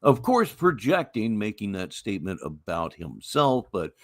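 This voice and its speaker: A man's voice: fairly low pitch, sing-song, measured pace. A man hosting a commentary show, mocking the clips he plays with sardonic jabs and muttered asides. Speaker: show host reacting to clips. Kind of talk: commentary over video clips.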